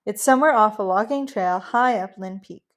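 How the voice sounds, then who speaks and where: A woman narrating a first-person novel as an audiobook in an emotional, heartfelt, expressive way. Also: mid-range voice, moderate pace.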